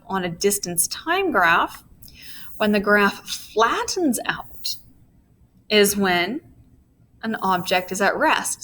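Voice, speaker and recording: Mid-range, bright and forceful, this woman's voice guides a recorded physics lesson. Each step gets walked through, students are checked on with "okay?", and playful asides keep it light.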